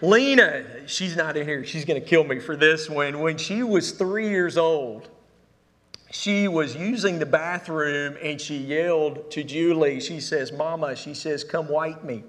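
A man's voice: on the high side, a little slow, a bit bright. A middle-aged man preaching a sermon, telling funny family stories. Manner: storytelling with humor, Southern "y'all". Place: church sanctuary. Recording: echoey hall.

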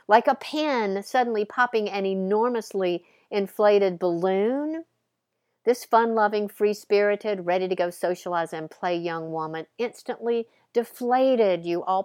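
A woman's voice: mid-range voice, a little slow, a little mellow, no room sound, studio quality. A woman hosting a podcast, telling a story playfully and dramatically with voiced characters. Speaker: podcast host. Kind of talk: storytelling monologue.

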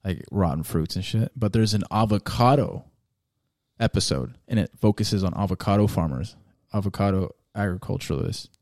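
A man in casual chat, swearing often and getting excited as he recommends documentaries, slipping into Spanish now and then. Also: low voice, normal speed, creaky, no room sound, studio quality.

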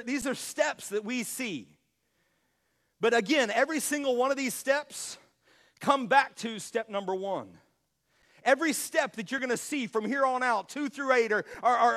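A man preaching a sermon as pastor, emphatic, repeating his words and swinging between loud and quiet. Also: extremely high pitch.

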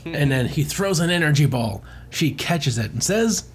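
A man's voice: on the high side, normal speed, slightly rough. A man co-hosting a podcast, casually retelling a comic with crude jokes and frequent swearing. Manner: animated storytelling, swears often, laughs. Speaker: podcast co-host.

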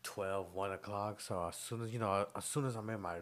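A man's voice: fairly low pitch, fairly even intonation, brisk. Slang-heavy young man telling stories. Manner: rambling, laughing storytelling full of slang. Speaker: podcast co-host. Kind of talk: casual chat.

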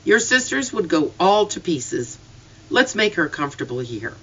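A reader voicing a gentle, tender farm mother. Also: mid-range voice, very animated, moderate pace, breathy edge, heavily acted. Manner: soft, comforting. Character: gentle rural mother, middle-aged, tender and patient. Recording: slightly distant, dull lo-fi.

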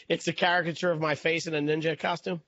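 A man co-hosting a podcast, chatting casually in a quick, laughing way, on a dull lo-fi recording. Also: on the high side, flat delivery, fairly bright tone. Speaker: podcast co-host.

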